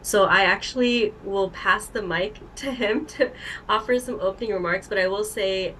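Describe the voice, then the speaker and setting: A woman's voice: medium pitch, moderate pace, fairly bright tone. A woman with a nasal voice opening an online meeting as host, courteous and full of small fillers. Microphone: video call. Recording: distant video call audio with noise.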